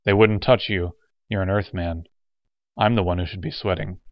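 A male narrator plays a harsh, coldly mocking outsider in a storybook reading, his voice low and dry. The recording sounds dull. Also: fairly even intonation, normal speed, creaky, no echo. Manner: harsh, cold, sardonic. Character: bitter, sardonic off-world man.

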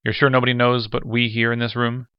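A man's voice: medium pitch, little pitch movement, quick pace, smooth, no echo, highs cut off, voice pushed up, lightly acted. A man voicing a plump, impatient military commander who makes demands. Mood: demanding.

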